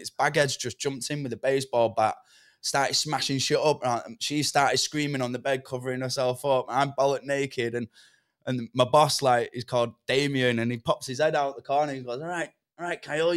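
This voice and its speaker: A man's voice: mid-range voice, smooth, no echo, clean studio sound. A young man telling a rambling story from his past, with swearing and lots of "do you know what I mean". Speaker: podcast guest. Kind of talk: casual storytelling.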